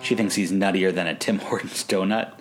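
A man's voice: low-pitched, steady tone, a little fast, slight background noise. A man co-hosting a podcast, chatting casually as he recaps a TV episode, laughing and acting out quotes in funny voices. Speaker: podcast co-host.

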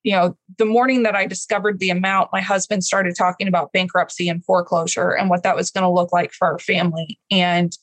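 A woman's voice: on the low side, flat delivery, a little fast, hardly any pauses, no room sound, rough recording. A woman in her thirties from Texas, a guest telling an emotional, earnest personal story in an interview.

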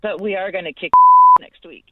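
A woman's voice: mid-range voice, huge pitch swings, moderate pace, very noisy. A woman calling in to a radio show, talking earnestly and brushing things off. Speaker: caller. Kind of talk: phone-in chat. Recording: tinny dry phone line.

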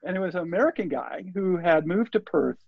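A man in his sixties, an interview guest, telling a rambling, animated story and acting out the lines of the people in it. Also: high voice, fairly quick, creaky, no echo. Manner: rambling, animated, acts out quoted dialogue. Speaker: interview guest, surf filmmaker. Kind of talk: casual storytelling. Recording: dull lo-fi audio.

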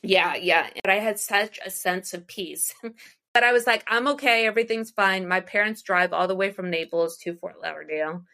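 A gravelly, bright, forceful voice on the lower side, at normal speed, belongs to a middle-aged American woman. An astrologer and psychic medium, she rambles through personal stories in a casual interview, restarting and laughing as she goes.

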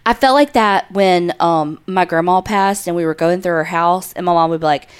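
A woman's voice: lowish voice, normal speed, clean tone. A woman co-hosting a podcast, chatting in an easygoing way with wry asides. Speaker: podcast co-host. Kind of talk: casual chat.

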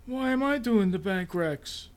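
A man's voice: sits high, expressive, a little slow, voice pushed up. A man doing an awkward, hesitant new boss. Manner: hesitant, full of "uh" and "um".

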